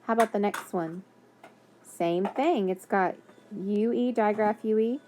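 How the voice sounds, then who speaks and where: A woman's voice: mid-range voice, a little slow, darkish tone, slight background noise. A woman teaching a phonics lesson to young children, patiently sounding out words and praising answers.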